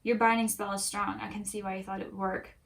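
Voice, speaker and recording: A woman's voice: medium pitch, little pitch movement, fast, gravelly, fairly bright tone. Brief: woman voicing a scornful, impatient male god, taunting and snappish. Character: fed-up male god villain, mocking and impatient.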